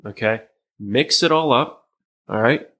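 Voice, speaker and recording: A young man with a Pittsburgh accent, co-hosting a podcast in a casual, joking, animated way. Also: mid-range voice, measured pace. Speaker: podcast co-host. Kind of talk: casual chat.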